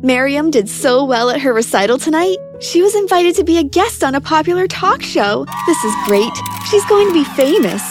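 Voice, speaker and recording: A woman voicing a proud mother who gushes excitedly about her gifted daughter. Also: high-pitched, normal speed, few pauses, over music. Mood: gushing. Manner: gushing, excited.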